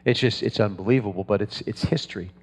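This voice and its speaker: A man's voice: on the low side, quick pace, slightly rough. Preacher man in an echoing hall. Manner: storytelling, conversational with frequent restarts. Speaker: pastor. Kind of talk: sermon. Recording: long hall reverb.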